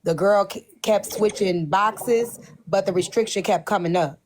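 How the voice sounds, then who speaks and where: A woman's voice: mid-range voice, a little slow, few pauses, a little hiss or hum. A woman on a livestream panel, earnestly warning others about a problem. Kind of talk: casual livestream chat.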